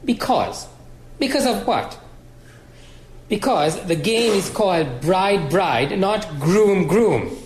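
A man's voice: high-pitched, animated, slow pace, echoey room, soft background music, pitched above the performer's own voice. A man reading aloud and voicing an indignant, insistent young boy. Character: young boy who always plays the bride.

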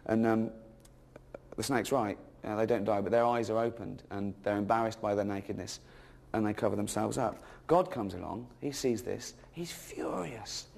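A middle-aged man doing a stand-up routine, sardonic and sweary, swinging into loud bits. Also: on the low side, steady tone, normal speed, creaky. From England. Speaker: stand-up comedian.

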